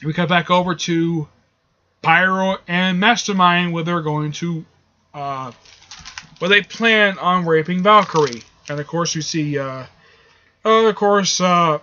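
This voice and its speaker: A man's voice: on the high side, sharp tone. A man reviewing a comic book issue in a casual, rambling way, with frequent fillers and restarts, recorded with dull lo-fi sound. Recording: dull lo-fi audio.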